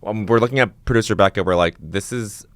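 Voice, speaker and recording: A man co-hosting a podcast, chatty and quick to riff in casual talk. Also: lowish voice, clear, resonant tone. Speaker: podcast co-host. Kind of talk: casual chat.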